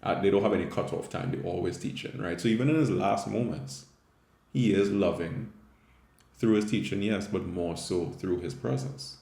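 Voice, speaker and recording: A Caribbean man gives a conversational scripture reflection in a very low, gravelly voice. His tone is dark and mellow, and the room adds a noticeable echo. He often checks in with a quick "right?" as he talks. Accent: Caribbean English. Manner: conversational, with frequent "right?" tag questions. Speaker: Catholic theologian and teacher.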